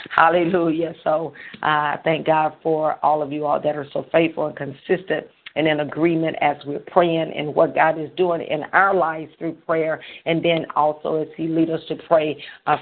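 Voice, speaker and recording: Woman, prayer call host, fervent repeated praise, lowish voice, tinny phone line.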